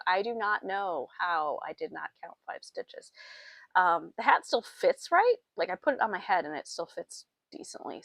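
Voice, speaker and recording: A woman's voice: mid-range voice, no room sound. A woman hosting a knitting podcast, chatting casually and a bit out of breath, often laughing at herself. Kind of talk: casual chat. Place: small farm with sheep.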